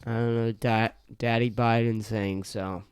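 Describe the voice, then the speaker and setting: A young man talks alone into a close, dry podcast mic, his voice smooth and clear. He rambles and swears, exasperated and a little tipsy, and his throat sounds sore from talking so long. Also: medium pitch, level tone, a little slow, a little mellow, dry recording. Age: young adult. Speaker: podcast host. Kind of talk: casual solo podcast rant.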